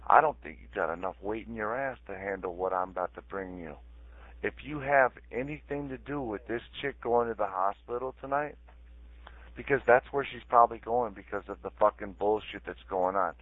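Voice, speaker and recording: A man's voice: on the low side, normal speed, no room sound. Angry man ranting over tinny voice chat. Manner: angry, threatening, repeating himself. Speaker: chat room user. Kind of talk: heated voice chat rant. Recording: tinny phone-like voice chat audio.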